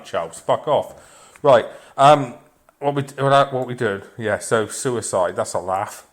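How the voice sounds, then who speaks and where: A man rants into the camera in a blunt, sarcastic voice, swearing constantly. He rambles, restarts and trails off into filler, in an ordinary mid-range pitch. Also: lively intonation, fairly quick. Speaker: video reviewer. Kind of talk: unscripted rant.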